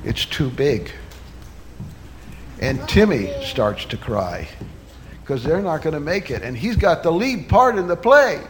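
Animated high-voiced male storyteller. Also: unhurried. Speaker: children's storyteller at church. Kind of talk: children's story sermon.

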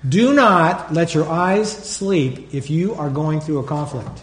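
A man preaching a sermon as pastor, animated, acting out his own prayers and calling out to the congregation for responses. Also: a little high, slow, reverberant.

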